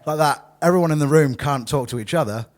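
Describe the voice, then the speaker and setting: Rambling self-mocking comedian. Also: male voice, on the high side, quick pace, darkish tone. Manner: rambling and self-mocking, full of ums and apologies. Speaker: comedian and musician. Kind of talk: live stand-up monologue between songs. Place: live venue with an audience.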